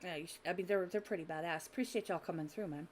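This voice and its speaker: A woman with a lowish voice hosts an unscripted podcast, talking quickly in a chatty, giggly way and swearing freely. There's a slight hiss or hum in the recording.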